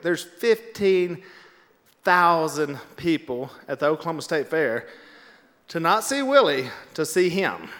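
Animated middle-aged man telling a story. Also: on the high side, big-room sound. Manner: animated, acts out quoted voices. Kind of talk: casual anecdote, told to a laughing audience.

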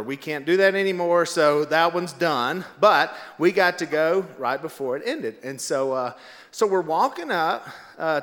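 A man telling funny stories to a live audience, animated and laughing through his own punchlines. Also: fairly high pitch, big-room sound. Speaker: storyteller. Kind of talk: comedic storytelling to a live audience.

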